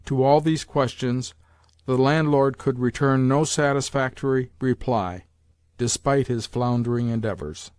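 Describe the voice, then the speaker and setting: A man narrating a classic novel as an audiobook in a measured, formal reading. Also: medium pitch, a little mellow, clean tone, no echo, clean studio sound. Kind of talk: scripted literary narration.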